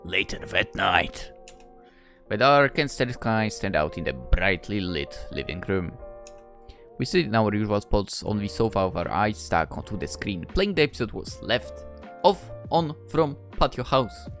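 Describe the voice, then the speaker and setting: A man narrating a first-person story in an expressive, conversational reading style. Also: lowish voice, unhurried, soft background music.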